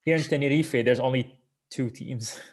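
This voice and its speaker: A man's voice: medium pitch, normal speed. A man from Canada, a guest swimmer telling stories in a rambling, filler-heavy way with chuckles over a video call. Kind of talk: casual conversation.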